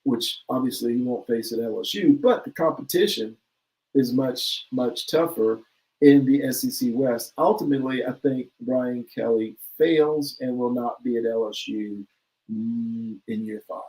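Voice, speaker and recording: A man's voice: mid-range voice, measured pace, a little mellow, rough recording. A man co-hosting a casual sports talk show who jumps between opinions, laughs easily and reads out listener comments. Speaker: podcast co-host.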